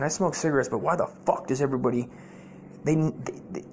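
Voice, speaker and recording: A man tells profane, rambling comic stories as host of his own podcast. His pitch sits in an ordinary middle range, and a faint hiss runs under the recording. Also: fairly quick, darkish tone. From United States. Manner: profane, rambling storytelling with many fillers. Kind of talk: rambling comedic monologue.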